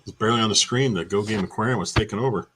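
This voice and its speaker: A man's voice: on the low side, racing, a bit bright, a little hiss or hum. A man co-hosting a casual gaming chat show, telling stories and laughing often.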